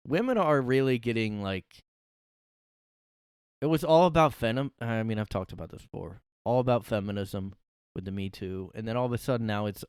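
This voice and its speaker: A man's voice: on the low side, normal speed, darkish tone, clear, resonant tone, dry recording, studio quality. A man hosting a solo comedy podcast from his room, ranting in a rambling, profane, sarcastic way. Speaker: podcast host.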